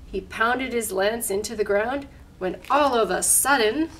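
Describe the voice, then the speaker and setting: Woman storyteller, gentle and slow, picture-book read-aloud. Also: a little high, slight background noise. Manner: gentle, explaining pictures to listeners. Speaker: library storyteller.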